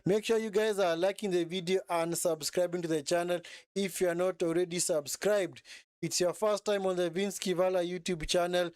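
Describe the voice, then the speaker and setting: A man calls a football match live for his stream, excitable and chatty, looping back over the same words and ending lines with a questioning "eh?". His voice sits a little high and comes through smooth and clear. The sound is close and dry, with no room behind him. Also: normal speed, dry recording. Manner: excitable, repeats phrases, frequent tag "eh?". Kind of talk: live match commentary and chat.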